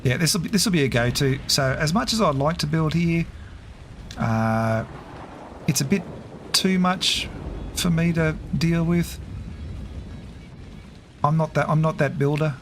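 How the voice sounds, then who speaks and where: A middle-aged man, casually commentating a game on a live stream, chatty and quick to laugh as he thinks aloud. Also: on the high side, animated, slight background noise.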